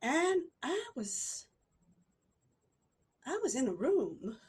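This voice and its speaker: A woman improvising a story live, telling it dramatically with long pauses. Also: high-pitched, very animated, a little mellow, breathy edge.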